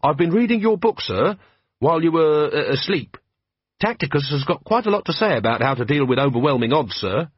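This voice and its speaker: A man's voice: on the high side, sing-song, brisk, husky, no room sound, dull audio, voice pushed up. A man voicing an eager, earnest young guardsman who speaks politely and keeps adding sir.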